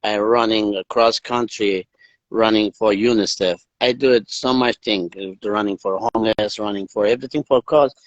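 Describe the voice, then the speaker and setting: A man's voice: lowish voice, dry recording, dull audio. A man from northern Iran with a Persian accent, telling his stories in broken English as a guest on a video call livestream. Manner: broken English, animated storytelling. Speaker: guest, endurance athlete. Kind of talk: casual interview storytelling.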